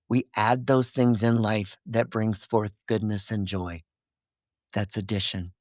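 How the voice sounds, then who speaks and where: A man with a voice on the low side, recorded in clean studio sound with no echo, appears as a podcast guest. He explains his ideas earnestly and didactically, checking in with his listener by asking "okay?" and "right?" as he goes.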